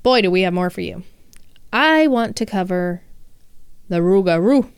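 A woman's voice: medium pitch, animated, normal speed, gravelly, clear, resonant tone, no room sound, clean studio sound. A woman co-hosting a casual chat, reading folklore aloud with playful jokes. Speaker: podcast co-host.

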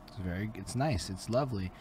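A man hosting a casual interview, talking loosely with lots of swearing and rising excitedly at times. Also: lowish voice, a little fast, a little hiss or hum. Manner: loose and profane, voice rises when animated. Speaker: host and interviewer. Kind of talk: casual podcast chat.

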